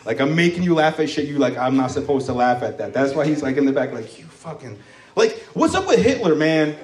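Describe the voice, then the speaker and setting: Very animated and a little fast, this man's voice sits a bit high. He's a Moroccan in his thirties doing stand-up on a comedy club stage, rambling loosely and crudely and imitating people mockingly. The audio is distant, with roomy club acoustics.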